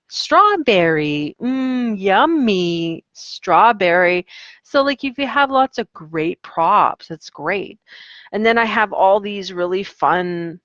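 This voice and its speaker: A woman's voice: medium pitch, a bit bright, no echo, lo-fi sound. A woman, an online English teacher, chatting casually in a vlog with a rambling, filler-heavy manner. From Canada.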